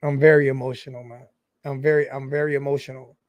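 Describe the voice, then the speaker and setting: A young sports fan YouTuber delivers an emotional, apologetic vlog monologue in a flat, mid-range voice. He speaks haltingly, restarting and repeating phrases, and the recording is dry and lo-fi.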